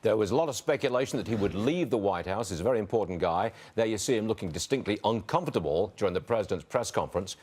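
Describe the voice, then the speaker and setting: Brisk male business news anchor. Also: on the low side, lively intonation, darkish tone, slightly rough. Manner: brisk, conversational, quips between figures. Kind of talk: live market commentary.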